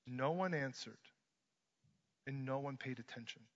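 A man preaching a sermon, swinging from hushed lines to loud ones and mixing in joking asides. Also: mid-range voice, unhurried. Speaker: pastor. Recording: dull lo-fi sermon recording.

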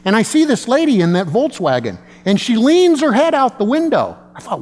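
A man's voice: very high-pitched, wildly swooping pitch, normal speed, hardly any pauses, long reverb tail. A male pastor preaching a sermon in a conversational way, with self-deprecating humor.

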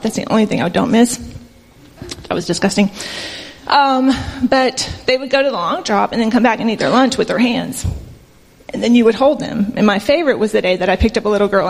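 A woman tells an earnest church testimony in a soft, conversational way. Her voice carries a gravelly fry, and it rings out with the long reverb of a large hall. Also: a little high. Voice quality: soft-spoken. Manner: earnest, conversational, emotional storytelling with fillers. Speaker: church member sharing a mission trip testimony. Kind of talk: personal testimony to a congregation.

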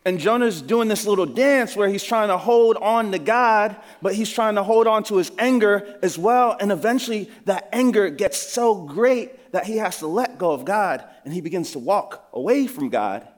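A man's voice: high voice, lively intonation, normal speed, hardly any pauses. A male pastor preaching a sermon in an earnest, conversational storytelling manner. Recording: long hall reverb.

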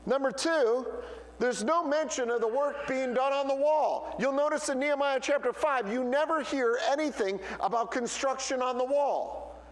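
Speaking at normal speed in an extremely high voice, a man preaches as pastor, spinning stories and acting out the quoted voices. A long reverb tail trails his words.

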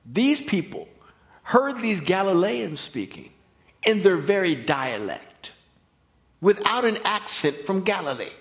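A man with an American accent preaching a sermon in an emphatic, expressive delivery. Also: sits high, slow.

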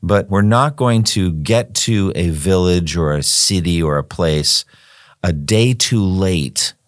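An older man who was once a missionary talks through a Bible study in a thoughtful, rambling, conversational way, often repeating words as he thinks. His voice sits low and he takes it slowly, captured in a dry, studio-quality recording.

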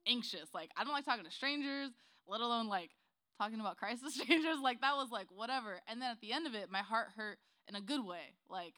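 A woman's voice: a little high, animated, brisk, sharp tone. A woman sharing a casual testimony with her group, chatty and giggly, full of "like" fillers.

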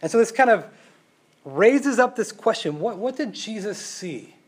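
Casual preacher with a high male voice, shifts from loud emphasis to quiet asides. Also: animated, measured pace, breathy edge. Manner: casual, rhetorical questions, tag "right?". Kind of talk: conversational sermon.

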